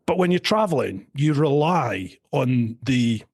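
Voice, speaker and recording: A middle-aged Scottish man hosts a conversational podcast interview. His voice sits at a middle pitch. He tells stories with animation and encourages his guest earnestly. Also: very animated, unhurried, vocal fry, breathy edge. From Scotland. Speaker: podcast host.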